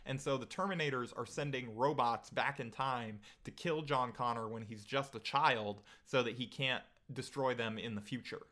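An upbeat man co-hosting a chatty podcast, talking with eager energy. His voice has a bright, forceful edge. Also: mid-range voice, moderate pace, hardly any pauses. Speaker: podcast co-host. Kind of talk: casual podcast chat.

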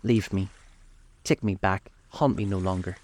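A man's voice: deep voice, fairly even intonation, a little slow, a little mellow. A man voicing a grief-stricken old miser in a storybook reading, pleading in a broken voice. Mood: anguished pleading.

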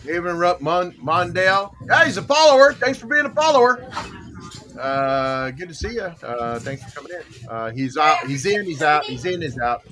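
A man's voice: fairly high pitch, sing-song, moderate pace, pushed and bright. An older man hosting a casual morning show, rambling through stories with chuckles and repeated phrases. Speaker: host.

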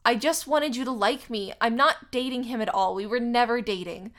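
A woman's voice: a little high, moderate pace, natural voice. A woman voicing a remorseful teenage girl who pleads earnestly and apologizes. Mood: pleading.

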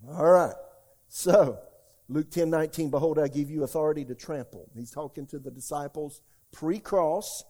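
A man's voice: a little high, moderate pace, dark tone. A man preaching a sermon, emphatic and often calling out to the congregation. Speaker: pastor.

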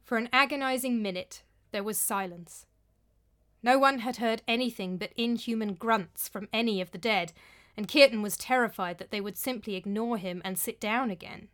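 A woman reading a story aloud in a measured, even narrating voice. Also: fairly high pitch. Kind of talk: audiobook narration.

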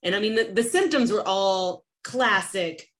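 Woman podcast host telling a story, animated, does little voices for people she quotes, middle pitch. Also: measured pace. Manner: animated, acts out quoted people with big pitch jumps and laughs. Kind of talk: casual storytelling in conversation.

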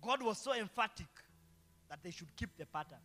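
A man's voice: high voice, lively intonation, a little fast, bright, forceful tone. A male pastor preaching a sermon, throwing rhetorical questions to the congregation. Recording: long hall reverb with faint guitar.

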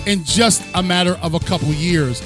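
A podcast host with a high-pitched voice works his audience up with sing-song, booming build-ups before dropping into easy chat. Faint music sits underneath. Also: normal speed. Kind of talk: hyped podcast introduction and chat.

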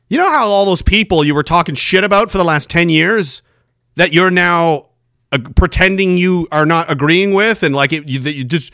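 A man's voice: sits high, normal speed, bright, forceful tone, no echo, clean studio sound. A man hosting a podcast, delivering an angry, profane, sarcastic solo rant. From Canada. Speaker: podcast host.

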